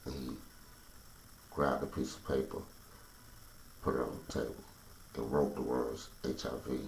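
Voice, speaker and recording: Man, AAVE, very low gravelly voice, intense emotional testimony, echoey room recording. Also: level tone, unhurried. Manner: intense, rising to agitated outbursts. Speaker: storyteller recounting personal experience. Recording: echoey room with faint background noise.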